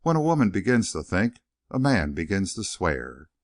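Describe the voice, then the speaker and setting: A shrewd, suspicious gambler presses his points bluntly and briskly, as a man reads him in an audiobook. His voice is low, with lively swings of pitch. The recording is dry and close. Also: dry recording. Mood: wry. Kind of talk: audiobook character reading.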